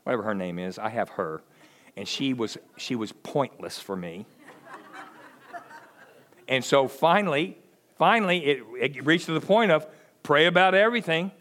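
A man's voice: medium pitch, normal speed, long pauses. A middle-aged man preaching a conversational sermon, telling stories with lots of acted-out voices and chuckles. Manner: animated storytelling, acts out quoted voices, chuckles often.

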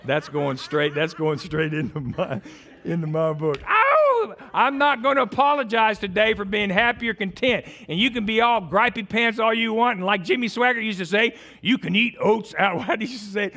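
A middle-aged man preaching a sermon as pastor, joking and animated, rambling with many restarts. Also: high-pitched, normal speed.

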